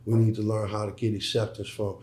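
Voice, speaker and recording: This middle-aged interview guest, once a hustler and now an entrepreneur, speaks with a fairly low, darkish voice in a flat, brisk delivery. The reverberant casual chat is full of emphasis and profanity, and he tends to repeat words when launching into a sentence.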